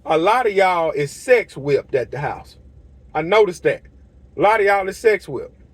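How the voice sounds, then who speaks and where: A man with a high, lively voice rants bluntly at a moderate pace. He's a lawn care business owner and channel host talking casually to camera. His heated, repetitive storytelling is full of quoted dialogue.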